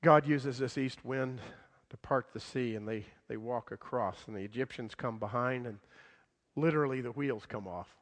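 A man preaching a sermon, dramatic, swinging from loud outbursts to hushed lines and acting out the voices in the story. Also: mid-range voice, normal speed, long reverb tail. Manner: acts out quoted voices in the story.

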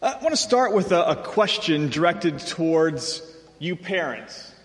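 A man's voice: a little high, unhurried, slightly rough. A man preaching a sermon, telling stories with humor and acting out little asides. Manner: animated storytelling with humor and acted-out asides. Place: church sanctuary. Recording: long reverb of a large hall.

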